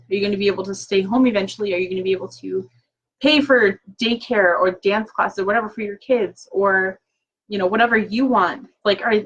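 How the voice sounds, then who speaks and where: A woman's voice: medium pitch, fairly bright tone, husky, highs cut off. A woman chatting casually and upbeat through a live-stream recap from her home office, full of fillers and quoted asides. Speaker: direct sales consultant. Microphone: laptop mic.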